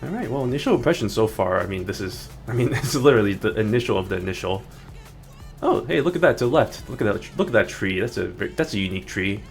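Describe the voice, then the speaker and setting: A man's voice: on the low side, lively intonation, quick pace, creaky. A man streaming a game, chatting casually in a rambling way with many restarts. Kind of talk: casual gaming stream chat. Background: faint background music.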